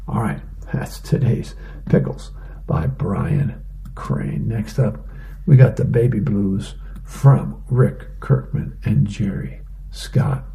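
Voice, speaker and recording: Slow, deeply gravelly man reading comics. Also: rough recording. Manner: casual, relaxed, with fillers. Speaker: volunteer newspaper reader. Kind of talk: reading comics aloud for radio.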